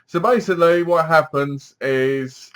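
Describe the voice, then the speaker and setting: A man's voice: on the high side, measured pace. A man giving a casual spoken review of a TV episode, chatty and leaning on "basically" as he recaps. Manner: chatty, keeps saying "basically".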